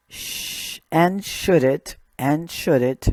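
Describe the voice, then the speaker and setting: A woman teaching a recorded language lesson, speaking slowly and deliberately and repeating each word. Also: rumbling low, expressive, dark tone. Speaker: Hebrew teacher.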